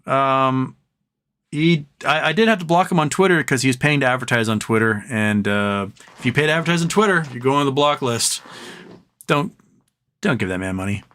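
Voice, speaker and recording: A man's voice: medium pitch, animated, normal speed, a bit bright, clean tone. A man hosting a late-night livestream, chatting casually in a rambling, profane way and chuckling at his own jokes. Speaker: livestream host.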